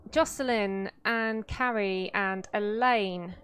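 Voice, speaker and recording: Slow-paced woman narrating a tabletop game. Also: mid-range voice, a bit bright, smooth. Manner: slow, drawn-out storytelling. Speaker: dungeon master.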